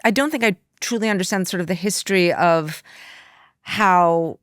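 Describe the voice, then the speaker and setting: Young woman interviewer, lower voice, quick curious prompts, dry studio feel. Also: a bit bright, no echo. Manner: curious, brief prompts and follow-ups. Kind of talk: interview questions.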